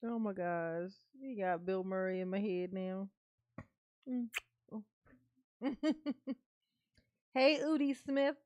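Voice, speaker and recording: A woman's voice: mid-range voice, slow pace, pauses often, a little mellow, no echo. A woman hosting a reaction video, chatting casually and animatedly, laughing often and swearing freely.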